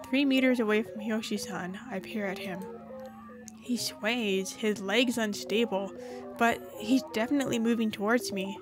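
A woman's voice: medium pitch, steady tone, normal speed, over music. A woman hosting a gaming channel, reading a story game's narration aloud with occasional asides.

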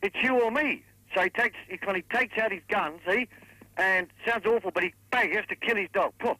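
A man's voice: high voice, fairly quick, sharp tone, dry recording. A man with an Australian accent calling into a radio show over the phone and telling a joke in a chatty way. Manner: chatty, laughing at his own joke. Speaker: caller. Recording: telephone line.

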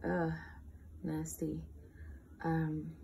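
A woman's voice: low voice, monotone, extremely slow, vocal fry, mellow, breathy edge. A young woman in her late teens with a South African accent, chatting candidly and playfully in a casual question-and-answer vlog. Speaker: vlogger.

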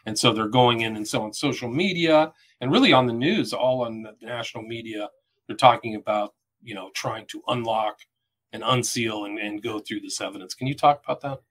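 A man hosts a casual podcast interview, talking fairly quickly in a mid-range, somewhat bright voice. He rambles loosely and fills his speech with lots of "kind of."

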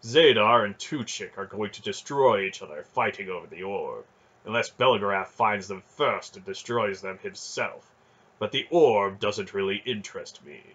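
A man voicing a scheming, scarred male sorcerer priest in a storybook reading, slow, gloating and mocking. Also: lowish voice, fairly bright tone, husky, dull audio.

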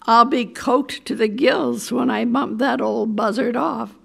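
An older woman voicing a mild, sly middle-aged male clerk who speaks calmly and deadpan, read from a storybook. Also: fairly high pitch, a little slow, creaky, husky, voice pushed up, heavily acted. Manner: calm and deadpan.

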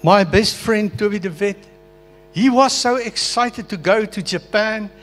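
A man's voice: sits high, measured pace, a bit bright. An older man from Africa, an earnest, emotional pastor sharing his personal testimony in a sermon. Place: meeting hall.

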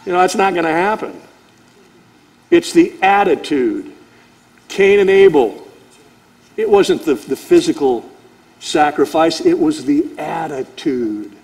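A man's voice: fairly high pitch, a little slow, long pauses. A man teaching verse by verse through a Bible passage as a pastor, talking conversationally and acting out short lines of dialogue. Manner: animated, acts out God's voice and conversational asides.

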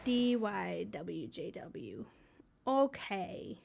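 A woman's voice: medium pitch, very animated, very slow, creaky, a little mellow, faint music behind. A young woman streaming a game live, chatting in a rambling, bubbly way with lots of fillers and thanking viewers as they comment.

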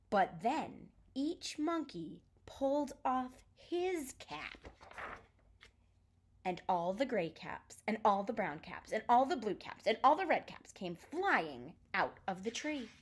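A woman's voice: mid-range voice, a little hiss or hum. A woman art teacher reading a picture book aloud, then starting a drawing lesson. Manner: expressive, sing-song storytelling.

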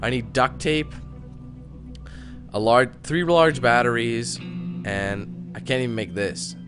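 A man talks casually over his gameplay, joking and swearing as he goes. His voice sits at a middle pitch, and game music plays clearly underneath. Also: slow pace. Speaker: gamer.

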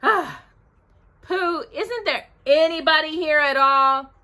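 A woman's voice: high voice, slow pace, pushed and bright, pitched above the performer's own voice, full character voice. A woman voicing a cheerful humming male teddy bear in a read-aloud storybook, in a sing-song manner.

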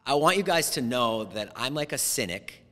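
A man's voice: medium pitch, animated, normal speed, bright, forceful tone, long reverb tail. A man in his forties hosting a podcast in a studio, telling rambling stories and laughing often. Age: 40s. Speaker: podcast host. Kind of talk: casual chat.

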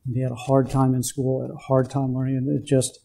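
An older man lectures in a very dark, mellow voice. He tells stories from his career in an easy way and stops to put questions to the room. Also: medium pitch, monotone, a little fast, vocal fry, a little hiss or hum. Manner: anecdotal, quizzes the audience. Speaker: guest speaker, business executive. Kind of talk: storytelling lecture to students.

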